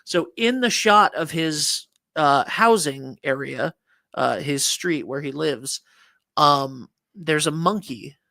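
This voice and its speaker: Male morning co-host, rambling talker, a touch high-pitched, dry close sound. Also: expressive, slow pace, gravelly, bright, forceful tone, no echo. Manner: rambling storyteller, many restarts and fillers. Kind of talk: casual morning show chat.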